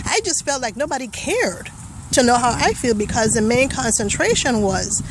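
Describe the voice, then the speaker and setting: A woman's voice: fairly high pitch, lively intonation, moderate pace, background noise. A young woman giving a personal testimonial, telling her story vividly and acting out the voices and thoughts she remembers. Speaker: testimonial speaker.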